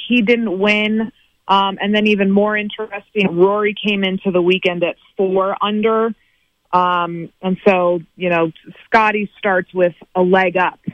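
A man's voice: high voice, no echo. A man giving a casual sports recap as a remote correspondent, chatty and full of fillers. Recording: dull lo-fi remote line.

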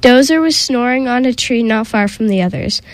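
Higher-voiced woman reading a storybook aloud. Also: expressive, normal speed, dry recording, poor audio. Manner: gentle reading with small slips and restarts, light voices for the characters. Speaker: radio host reading a children's book. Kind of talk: storybook read-aloud on community radio.

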